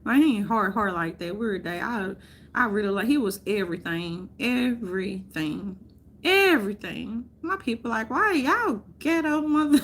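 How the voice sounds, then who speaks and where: A woman vlogging in a casual, rambling rant, swearing often, laughing, and swinging between loud outbursts and mutters. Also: medium pitch, expressive, moderate pace, a little hiss or hum. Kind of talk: casual chat.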